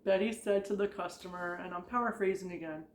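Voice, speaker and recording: A woman's voice: fairly low pitch, a little fast, a little hiss or hum. A woman vlogger telling rambling work stories in a casual, chatty way, filling her talk with "like" and frequent laughs. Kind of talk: casual storytelling. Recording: echoey room.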